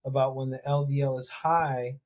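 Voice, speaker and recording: Male podcast co-host, relaxed chat, lots of fillers and restarts, middle pitch. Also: normal speed. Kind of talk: casual podcast conversation.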